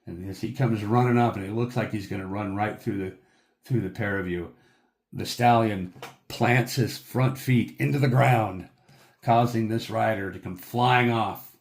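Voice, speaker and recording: A man narrating a tabletop game as game master, describing scenes in an unhurried way with fillers. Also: lowish voice.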